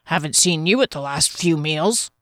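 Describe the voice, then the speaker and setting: A woman voicing a gruff, blunt male dwarf who speaks plainly. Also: low voice, animated, moderate pace, a bit bright, no room sound, clean studio sound.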